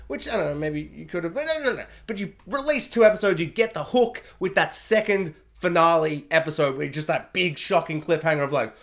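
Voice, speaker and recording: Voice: mid-range voice, fast talker, few pauses, fairly bright tone. A TV reviewer rambling through a casual spoiler recap, full of fillers and acted-out quotes. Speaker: TV show reviewer.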